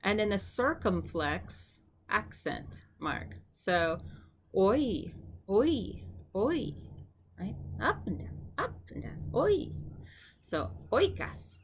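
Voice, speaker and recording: A middle-aged woman giving a casual home lesson on vocabulary, chatty and repeating each word slowly for practice. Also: mid-range voice, very animated, fairly bright tone, a little hiss or hum. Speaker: Greek vocabulary teacher.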